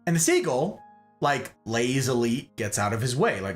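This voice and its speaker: Male streamer, casual yarn-spinner, lively swooping pitch, rambling asides. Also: a little fast, faint music behind. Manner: animated, rambling, keeps asking "okay?". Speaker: streamer host. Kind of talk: casual storytelling.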